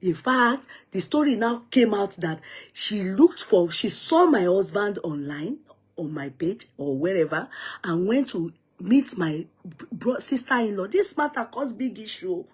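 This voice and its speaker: A middle-aged woman with a Nigerian accent, telling a personal story with dramatic swings from hushed whispers to loud outbursts. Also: mid-range voice, expressive, measured pace, slightly rough. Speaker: vlogger.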